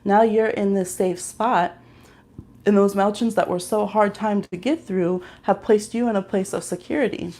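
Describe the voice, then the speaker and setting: On a casual livestream, a woman reads tarot at a normal speed, soft and nurturing while going through the cards. When she tells stories she turns chatty and animated, laughing a lot and letting out high squeals.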